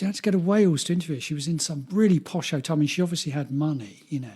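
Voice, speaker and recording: A husky, slightly breathy man, middle-aged, talking in a somewhat higher register than most men. He rambles through casual podcast chat, laughing and swearing freely. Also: racing, a little mellow. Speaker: podcast co-host.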